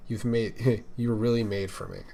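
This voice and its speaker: A man's voice: medium pitch, fairly even intonation, normal speed, dark tone, a little hiss or hum, close to an everyday voice. A man reading the lines of an affectionate, teasing adult male figure skater in a fan fiction, in a fond, playful way.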